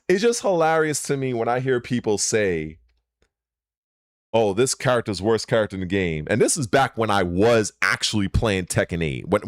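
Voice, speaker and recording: A man hosting his own channel, delivering a heated, profane rant, swinging between loud emphasis and low muttering. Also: no room sound, studio quality. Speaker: channel host.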